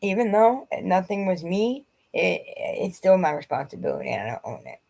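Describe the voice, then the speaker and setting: Gravelly-voiced woman in her forties venting. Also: fairly low pitch, sing-song, normal speed, a little mellow. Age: 40s. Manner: rambling, restarting, venting. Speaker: vlogger. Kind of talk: emotional personal vlog.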